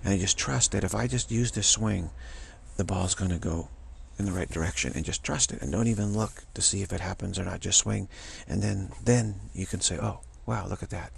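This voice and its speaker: Gravelly man rambling, spiritual talk. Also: deep voice, a little hiss or hum. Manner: rambling and repetitive, with halting restarts. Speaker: spiritual vlogger.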